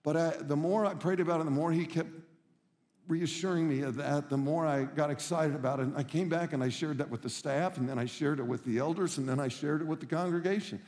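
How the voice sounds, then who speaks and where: Earnest preaching pastor, fairly high voice. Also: male voice, brisk, darkish tone, long reverb tail. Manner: storytelling, earnest and emphatic. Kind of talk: sermon.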